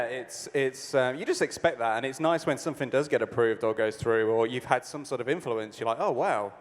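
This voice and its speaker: Male artist panelist, casual and wry, mid pitch, hall echo. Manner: wry, laughing. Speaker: concept artist. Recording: echoey convention hall.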